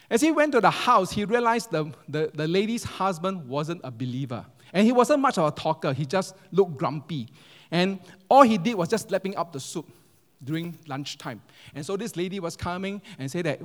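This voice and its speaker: A man preaches with a slightly high voice, mixing humorous stories with questions to the congregation. His sermon carries through a church hall with a long echo. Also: animated, moderate pace. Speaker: pastor. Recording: echoey hall.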